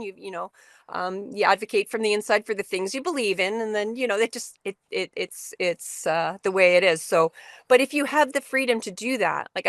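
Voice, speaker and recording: A woman's voice: medium pitch, fairly bright tone, no echo, studio quality. Woman telling a story with frequent restarts. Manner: conversational, with frequent restarts and fillers. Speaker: workshop presenter. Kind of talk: storytelling talk to educators. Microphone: video call.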